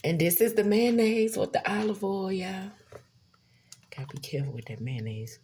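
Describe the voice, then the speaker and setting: A woman's voice: mid-range voice, normal speed, a little mellow, slight background noise. A woman, chatting casually to viewers while she cooks in her home kitchen. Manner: chatty, addresses viewers as y'all. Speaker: cooking vlogger. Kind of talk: casual cooking vlog.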